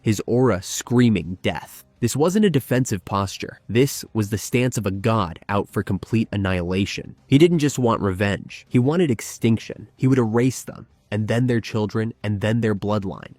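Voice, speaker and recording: Low-voiced dramatic male storyteller. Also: darkish tone, no echo. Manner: slow, emphatic, with weighty pauses. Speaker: narrator. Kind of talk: dramatic fan-fiction narration. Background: faint background music.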